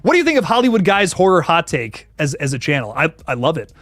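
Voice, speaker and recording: A young man hosting a casual horror livestream, slangy and animated, thanking viewers by name as he reads the chat. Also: on the high side, fast talker, no echo, soft background music. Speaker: horror channel host reading live chat.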